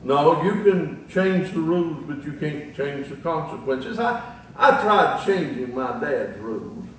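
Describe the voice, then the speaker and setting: A man's voice: fairly high pitch, expressive, a little slow, fairly bright tone, very echoey, far from the mic, slight background noise, low-quality recording. An older man preaching a sermon in a folksy way, chuckling at his own jokes between scripture quotes.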